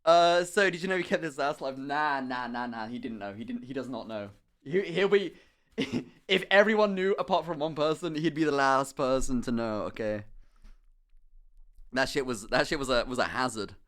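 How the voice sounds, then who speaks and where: A young man from Somerset, a streamer chatting casually while he paints, telling stories excitably with lots of swearing and laughter. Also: medium pitch, normal speed. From Somerset, England. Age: young adult.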